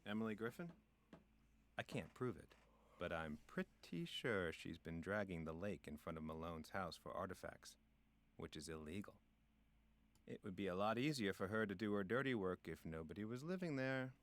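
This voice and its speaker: A man's voice: low-pitched, lively intonation, moderate pace. A middle-aged man voicing a self-important, folksy park ranger in a video game, with a drawling, punny delivery. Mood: knowing.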